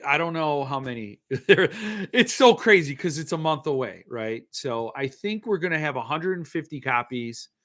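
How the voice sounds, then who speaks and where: A man's voice: a little high, sharp tone. A middle-aged man hosting a casual live show, rambling and joking as he reads viewer comments aloud. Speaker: podcast host. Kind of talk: casual livestream chat.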